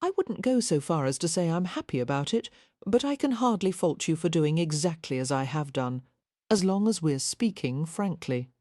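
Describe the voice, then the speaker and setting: A pragmatic, caring young matron from a Victorian romance audiobook, as a woman narrator voices her. She talks frankly and practically in a lowish, mellow voice, recorded dry and close. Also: expressive, normal speed, no room sound.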